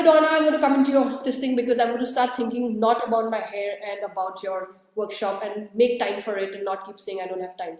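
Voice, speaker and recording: A woman's voice: mid-range voice, darkish tone. Effusive woman, very echoey room. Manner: effusive, emotional. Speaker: workshop host. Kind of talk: online workshop showcase.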